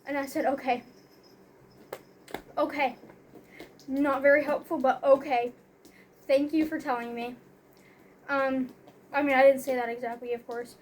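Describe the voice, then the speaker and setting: A young woman with a high, light voice tells a personal story in a loose, rambling way. Her talk is packed with "like", "you know" and "um" as she goes. A faint hiss sits under her voice. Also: level tone, a little slow, long pauses. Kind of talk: casual storytelling.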